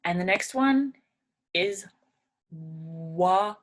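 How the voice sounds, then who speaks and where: A woman's voice: on the low side, expressive, measured pace, fairly bright tone. A young woman teaching English pronunciation, patiently repeating each word aloud several times. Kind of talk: pronunciation lesson.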